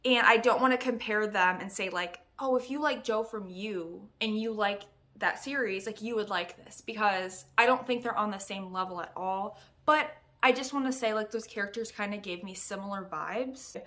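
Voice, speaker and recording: A young woman giving a casual, animated book review, exasperated and laughing often. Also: mid-range voice, normal speed, hardly any pauses.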